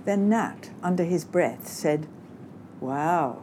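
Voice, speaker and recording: A woman narrating a novel in a composed, expressive reading. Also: mid-range voice, normal speed, a little hiss or hum. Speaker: audiobook narrator. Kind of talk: scripted narration.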